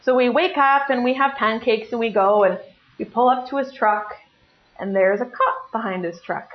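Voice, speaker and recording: Speaking a little high at an ordinary pace, a middle-aged woman tells her recovery-meeting testimony with lively self-mockery, voicing other people's lines as she goes. Her words bounce around an echoey room, captured in flat lo-fi audio.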